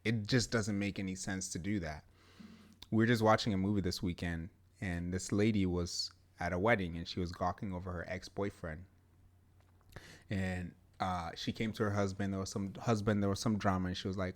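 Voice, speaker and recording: A man with a fairly low voice co-hosts a casual podcast. He talks in an animated, emphatic way, pushing his points and laughing often. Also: moderate pace. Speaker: podcast co-host. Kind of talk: casual chat.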